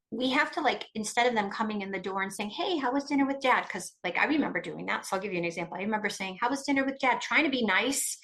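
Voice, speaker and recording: This guest expert on coercive control is a middle-aged woman with a medium-pitched, somewhat bright voice. During the conversational interview she's animated and emphatic, and she tends to restart sentences.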